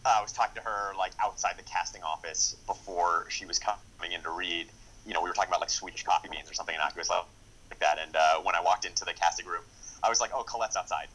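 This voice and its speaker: In a casual interview, a screenwriter-director with a deep voice talks quickly and steadily about the film he wrote and directed, sounding pushed and bright. He's enthusiastic and rambling, full of fillers and restarts, and the recording is rough.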